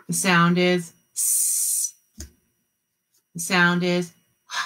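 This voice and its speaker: A woman teaching an online kindergarten class, modeling letter sounds slowly and cheering the children on. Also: on the low side, fairly bright tone. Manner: slow, encouraging, drawn-out sound modeling. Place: home, video meeting.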